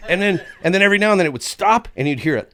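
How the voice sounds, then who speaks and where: A man's voice: high voice, lively intonation, very fast, pushed and bright. A man telling a raucous story as a podcast guest, laughing and acting out quotes. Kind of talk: casual chat, telling a story.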